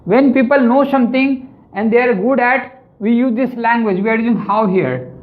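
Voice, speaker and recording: A woman's voice: on the high side, moderate pace, phone-quality sound. A woman teaching an online grammar lesson, explaining step by step and often checking in with "right?". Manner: explanatory, tags lines with "right?". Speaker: English teacher.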